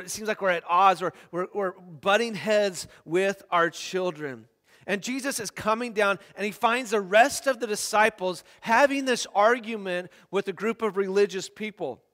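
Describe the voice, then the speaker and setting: A man's voice: high voice, fairly bright tone, big-room sound. A man preaching a sermon, reading scripture aloud in an earnest way with frequent restarts. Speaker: pastor. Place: church.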